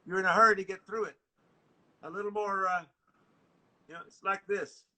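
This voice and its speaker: A man's voice: sits high, fairly even intonation, normal speed, pushed and bright. An older man coaching a horn player over a video call in a masterclass, singing rhythms in scat syllables. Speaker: horn teacher.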